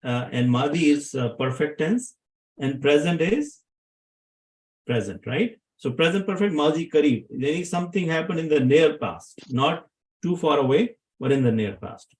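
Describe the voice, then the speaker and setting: A man teaching a grammar lesson to a room of students. His voice sits a little higher than most men's, and he keeps stopping to ask whether everyone follows. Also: expressive, normal speed, poor audio. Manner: checks in with students, asks questions.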